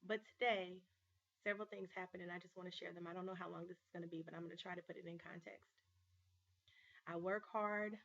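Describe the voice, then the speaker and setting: A woman's voice: lowish voice, steady tone, fast, vocal fry, a bit bright, muffled recording. A woman hosting her own vlog show, talking straight to camera in an earnest, emphatic storytelling manner. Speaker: life coach and show host. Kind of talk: personal vlog monologue.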